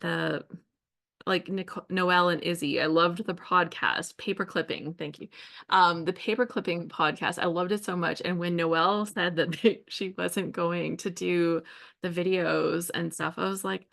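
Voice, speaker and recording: A woman's voice: on the low side, steady tone, unhurried, creaky, fairly bright tone. A woman hosting a scrapbooking livestream, telling stories in a casual, chatty way with frequent laughs and fillers. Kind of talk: casual storytelling chat while crafting.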